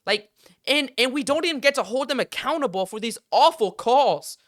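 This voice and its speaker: A man's voice: very high-pitched, lively intonation, moderate pace, no room sound, studio quality. A young man hosting a podcast, ranting in heated, frustrated casual sports commentary and swearing freely. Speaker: podcast host.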